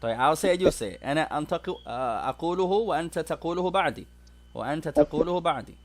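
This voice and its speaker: A man's voice: fairly high pitch, lively intonation, rapid-fire, a little hiss or hum. A man teaching an Arabic grammar class, explaining step by step and mixing English with Arabic examples.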